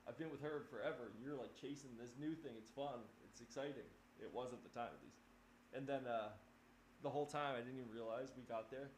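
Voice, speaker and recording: A man in his thirties from New Hampshire, a drummer telling a rambling, laughing story with plenty of swearing in a casual livestream chat. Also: medium pitch. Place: home drum room. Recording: roomy echo with faint noise.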